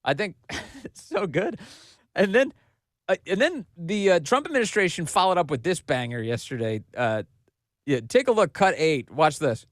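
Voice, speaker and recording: A man's voice: high-pitched, sing-song, normal speed, no echo, clean studio sound. A man hosting a political commentary podcast, talking in a mocking, sarcastic way and laughing at what he covers. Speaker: podcast host.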